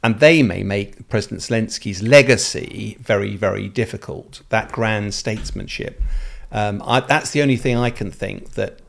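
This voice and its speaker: A man with a low, gravelly voice hosts a studio podcast. He asks long, thoughtful questions that wander, and he hesitates with fillers as he goes. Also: normal speed. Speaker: podcast host. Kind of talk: casual podcast interview.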